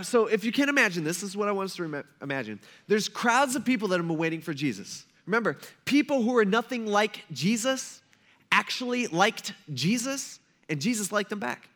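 Bright, high-voiced male preacher. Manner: animated storytelling, acting out characters in quick asides. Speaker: pastor. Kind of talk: casual retelling sermon.

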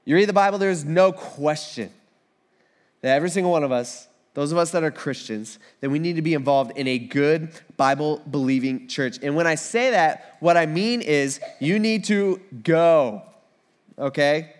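A man preaching a casual, animated sermon in an everyday, conversational tone. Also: a little high, moderate pace. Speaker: pastor.

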